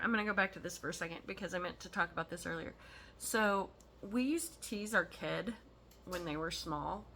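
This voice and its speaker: A woman's voice: fairly low pitch, bright, forceful tone, slight background noise. A woman hosting a stitching vlog from home, chatting casually and rambling with frequent ums and laughs. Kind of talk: casual chat.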